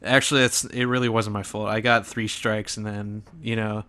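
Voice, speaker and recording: A man's voice: fairly low pitch, level tone, normal speed, bright, forceful tone, clear, resonant tone. A young man hosting a gaming channel, giving rambling, self-mocking commentary over an old video of himself.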